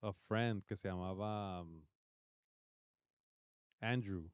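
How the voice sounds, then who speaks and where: A man's voice: on the low side, fairly even intonation, slow pace, clean tone, no echo, lo-fi sound. Rambling bilingual man telling a spooky story. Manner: rambling, swearing, mixing English and Spanish. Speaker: podcast co-host. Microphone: podcast mic.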